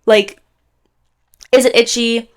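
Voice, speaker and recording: A woman in her twenties from Canada, co-hosting a podcast in casual chat, telling an animated story and acting out what people said. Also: a little high, takes it slowly. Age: 20s. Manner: animated storytelling, acts out quotes. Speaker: podcast co-host.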